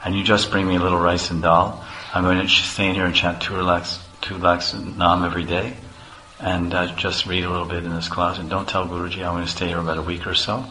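A man doing a timid young disciple, soft and tearful. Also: low-pitched, flat delivery, brisk, low-quality recording. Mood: pleading. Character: simple, innocent young male village disciple, fearful.

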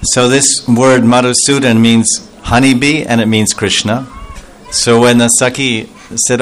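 A man's voice: medium pitch, little pitch movement, measured pace, slight background noise. A man telling a devotional story as a sermon, acting out the voices of its characters with rising emotion. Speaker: spiritual storyteller.

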